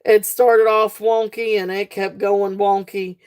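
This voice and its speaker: A woman's voice: mid-range voice, flat delivery, measured pace, darkish tone. A woman hosting a live jewelry sale stream, giggly and gushing at her viewers, rambling with lots of fillers. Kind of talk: casual live-stream selling chat.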